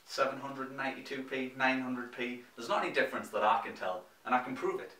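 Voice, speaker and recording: A young Geordie man rattles through gaming news at a quick clip, with dry, teasing asides between the items. His voice sits in a roomy, echoey space, picked up from a little way off the mic. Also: mid-range voice, background noise. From North East England. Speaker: co-host of a gaming news show. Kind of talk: scripted comedic news reading. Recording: roomy echo, mic at a distance.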